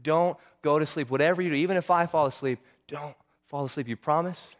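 A man's voice: a little high, fairly quick, voice pushed up, close to an everyday voice. A man voicing a brave, bossy young farm girl who is the eldest sister, speaking in an urgent, coaxing way.

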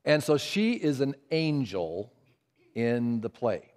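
A man's voice: mid-range voice, big pitch swings, slow, a little mellow. An older man preaching a sermon, telling family stories and asking the congregation questions. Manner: storytelling, asks the congregation questions. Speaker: pastor.

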